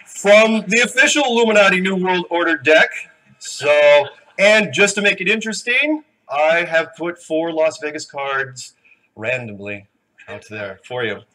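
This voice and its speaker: A man speaks to a packed conference hall with a bright, forceful voice. He is earnest and emotional, breaking into laughter as he leads a live Q&A. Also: fairly high pitch.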